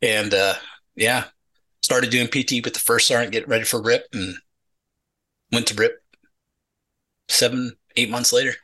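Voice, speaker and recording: A man's voice: mid-range voice, normal speed, pauses often, slight background noise, poor audio. A middle-aged man, a retired Army sergeant guest on a podcast, telling a story casually and acting out the people in it. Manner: animated storyteller acting out quoted dialogue, many repeated "he's like".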